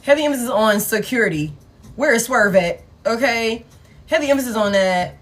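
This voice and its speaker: A woman's voice: on the high side, expressive, normal speed, fairly bright tone. A woman tarot reader, chatting casually to viewers, laughing often and swearing as she acts out the people in her reading. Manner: laughing, profane, playfully acts out quoted people.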